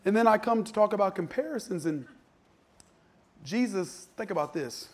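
A man's voice: high-pitched, brisk. A male preacher giving a sermon in a conversational style, with slang and frequent stammered restarts.

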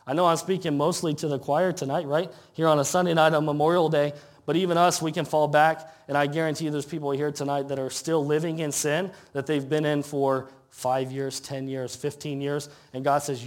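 A pastor preaching a conversational sermon, asking rhetorical questions and reading scripture slowly. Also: male voice, on the high side, flat delivery. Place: church sanctuary.

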